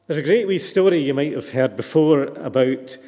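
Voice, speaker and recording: A preacher delivers a reflective, questioning sermon in a fairly high, mellow voice. A long church reverb hangs on his words. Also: normal speed.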